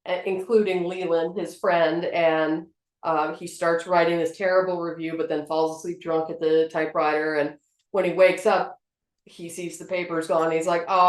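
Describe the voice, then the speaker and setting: A woman with a slightly low voice walks through movie scenes in detail, quoting characters with animation. The sound is roomy and echoey. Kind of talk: casual film discussion. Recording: roomy echo.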